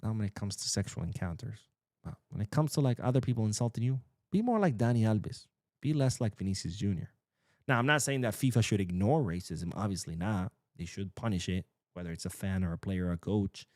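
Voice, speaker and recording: A man's voice: on the low side, expressive, brisk, darkish tone, no room sound, clean studio sound. A man hosting a football news show, ranting bluntly and profanely about the rules. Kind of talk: ranting commentary.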